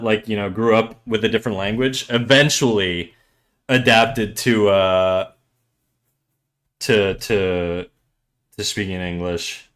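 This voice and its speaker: A man's voice: lowish voice, a bit bright. A French Canadian man, native French speaker, hosting a casual livestream, chatting with viewers in a joking, rambling way. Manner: joking, rambling, switches between English and French. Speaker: livestream host. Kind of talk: casual stream chat with chat readers.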